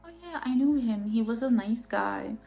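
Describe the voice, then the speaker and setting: A woman's voice: fairly high pitch, normal speed, creaky, mellow, soft background music. A woman voicing a chatty young French woman from a novel, breezy and gushing. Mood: apologetic. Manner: breezy, fond of British TV.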